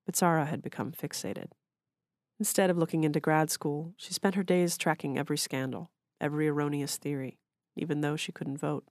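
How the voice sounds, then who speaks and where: Woman author reading her own fiction: measured, even delivery, low gravelly voice. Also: no room sound, clean studio sound. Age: adult.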